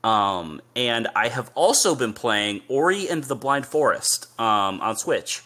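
Bright-voiced man co-host. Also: mid-range voice, measured pace. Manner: relaxed, many ums. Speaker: podcast co-host. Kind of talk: casual chat.

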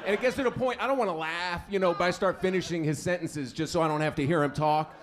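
Man telling a stand-up story, slightly high. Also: fast talker. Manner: storytelling with stuttering impressions. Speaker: stand-up comedian. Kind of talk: stand-up set. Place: comedy club with live audience.

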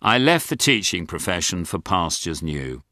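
A deep-voiced older Englishman reads his memoir with wry, self-mocking dryness and a bright, lively delivery that rises and falls a lot. The sound is dry and close, as from a studio booth. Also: normal speed, dry recording. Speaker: author and narrator. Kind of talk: audiobook memoir narration.

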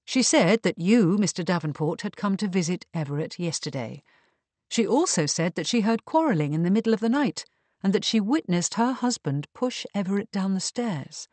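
A woman voicing a tactful young lady investigator who speaks in a measured, careful way. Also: medium pitch, expressive, darkish tone, dry recording, lightly acted. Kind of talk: audiobook character reading.

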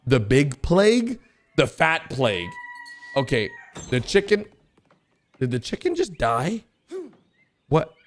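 A man excitedly commenting on cartoon clips for viewers, exclaiming, gasping and laughing as he goes. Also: on the high side, takes it slowly, pauses often, slight background noise. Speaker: host reacting to animations.

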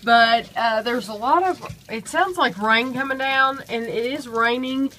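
A woman's voice: a little high, a little slow, a bit bright, rough recording. Woman, mom vlogger, sing-song baby talk, handheld camera at home. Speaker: vlogger and mother. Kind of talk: casual home vlog. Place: home, indoors and at the back door.

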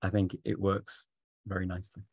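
A man's voice: low voice, monotone, fairly quick, a little mellow, husky, no echo. A man interviewing on a video call, friendly and agreeable, laughing easily. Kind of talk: conversational interview.

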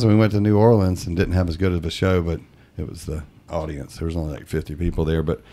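Man, young adult, low voice, casual podcast chat, animated storyteller. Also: fast talker. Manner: animated storyteller, acts out the people he quotes in higher voices. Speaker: guest comedian.

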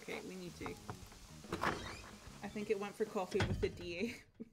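A young Scottish woman streaming a cozy game, gushing and excitable, often trailing off into fillers. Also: mid-range voice, normal speed, heavy background noise. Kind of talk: casual gaming livestream chat. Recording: game music playing underneath.

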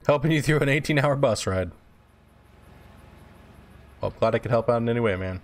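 During a casual live stream, a young gaming streamer plays while responding to chat, swearing without restraint and chatting loosely with his audience. His medium-pitched voice is animated and moves at a normal speed.

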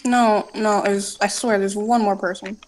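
A woman chatting casually and excitably while playing an online game with friends, laughing often. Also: mid-range voice, a little slow, poor audio. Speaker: gamer. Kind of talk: casual gaming chat.

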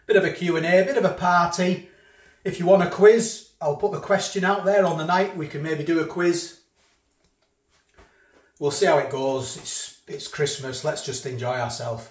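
A man reviewing food in a casual vlog, chatting away between mouthfuls and repeating himself. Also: on the high side. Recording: roomy echo.

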